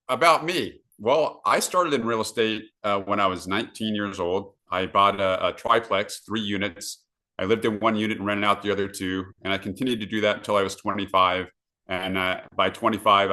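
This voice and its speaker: A middle-aged man from Southern California chats as a podcast guest over a video call. His slightly low voice has a bright, forceful edge, and he peppers his story with "uh" while jumping into lively quoted asides. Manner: many uh fillers, animated quoted asides. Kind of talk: casual storytelling.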